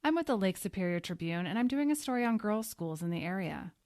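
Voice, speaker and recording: A woman's voice: medium pitch, expressive, quick pace, darkish tone, dry recording, studio quality, natural voice. A woman voicing a sardonic, bold teenage schoolgirl who fakes being a reporter. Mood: mock-official.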